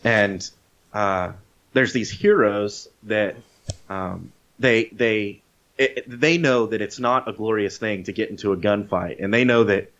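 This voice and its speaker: A man on a podcast casually retelling a movie scene, animated, swearing freely and acting out the lines. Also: on the low side, measured pace. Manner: animated storyteller, swears freely, acts out quotes. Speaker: podcast co-host. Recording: dull lo-fi podcast audio.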